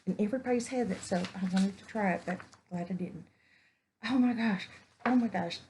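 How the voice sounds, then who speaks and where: A Texas vlogger chats casually at home one evening while unboxing crafts, gushing and exclaiming over each find. Her voice is medium-pitched, brisk, and a little mellow, with a bit of hiss or hum.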